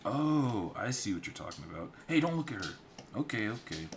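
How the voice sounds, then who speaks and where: A man's voice: fairly low pitch, sing-song, brisk, slight background noise, voice pushed up. A man voicing a casual, offhand male bartender. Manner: casual, dude-ish.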